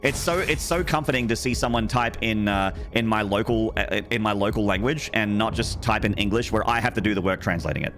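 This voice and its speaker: A man's voice: fairly low pitch, fairly quick, few pauses, fairly bright tone, faint music behind. A young man with a mixed Australian accent, chatting and joking with viewers on a gaming stream. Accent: Australian, with some American. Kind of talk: casual live-stream chat.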